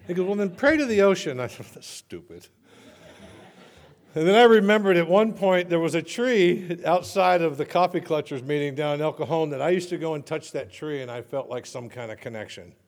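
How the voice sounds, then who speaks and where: A man's voice: on the high side, fairly quick, hardly any pauses. Man telling his story in a reverberant hall. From Southern California. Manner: conversational storytelling with self-mocking humor. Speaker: speaker sharing recovery story. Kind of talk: personal testimony talk.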